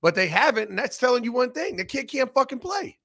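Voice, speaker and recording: A man's voice: very high-pitched, sing-song, brisk, gravelly, fairly bright tone. A man speaking as a guest on a sports show, blunt and opinionated, swearing a lot. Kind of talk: casual sports talk.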